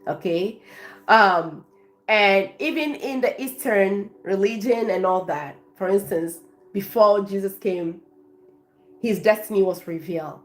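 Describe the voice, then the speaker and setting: A woman's voice: medium pitch, unhurried. A woman from Africa, a life coach, chatting effusively on a live stream and thanking her viewers by name.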